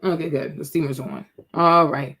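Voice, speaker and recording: A woman's voice: low-pitched, steady tone, normal speed, gravelly, a bit bright, breathy edge. A woman hosting her own show, ranting in a casual commentary style, emphatic and repetitive, checking in with viewers often. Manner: emphatic, repetitive, keeps asking "right?"; addresses viewers by name. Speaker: host.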